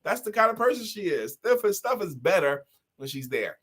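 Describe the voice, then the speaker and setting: Animated higher-voiced man hosting a show. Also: moderate pace, breathy edge. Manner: animated, sing-song jingles, bursts into shouts. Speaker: host. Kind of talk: live show talk, reading comments aloud.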